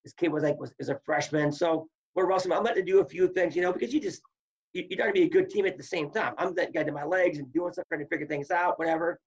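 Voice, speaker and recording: Gravelly husky man telling wrestling stories. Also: fairly high pitch, fast, muffled recording. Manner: animated storyteller acting out quotes. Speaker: guest, former wrestler. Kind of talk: casual storytelling.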